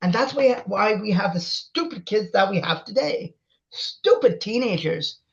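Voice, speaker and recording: A man's voice: high voice, lively intonation, a little slow, gravelly. Passionate young man, dull lo-fi audio. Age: 20s. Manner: passionate, insistent, repeats phrases. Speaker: interview guest. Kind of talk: emotional conversational interview.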